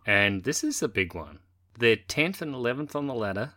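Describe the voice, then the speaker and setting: Bright-voiced Australian man, wry banter. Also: mid-range voice, sing-song, moderate pace, dry recording, studio quality. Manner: wry, playful teasing. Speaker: podcast co-host. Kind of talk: casual sports chat.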